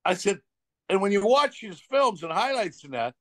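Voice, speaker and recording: This man's high voice has a sing-song lilt and a slightly bright quality, moving at normal speed with no room sound. He's a retired hockey player in his seventies, casually telling interview stories in a rambling, repetitive way and acting out quoted lines.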